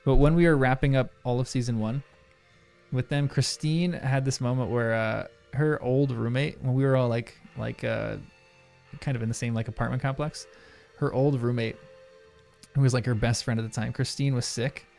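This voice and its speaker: Rambly streamer guy doing a crossword, gravelly fry in his voice, laughs a lot, faint music behind. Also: mid-range voice, steady tone, moderate pace, a little mellow. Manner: rambling, laughs often, talks to chat. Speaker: livestreamer. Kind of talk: casual chat while solving a crossword.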